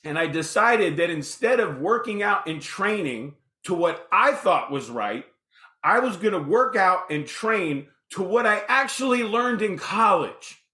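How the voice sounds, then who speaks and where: A lively man in his fifties, a podcast guest who tells his story casually and acts out the dialogue himself. His voice is bright and somewhat high for a man. It rings in a roomy, echoey space. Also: a little slow.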